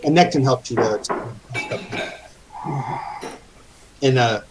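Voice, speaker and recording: A man's voice: mid-range voice, background noise. A man runs a tabletop game in a mid-range voice, narrating the scene at a casual pace. He often halts with fillers and restarts his sentences. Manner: halting, with many fillers and restarts. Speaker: game master.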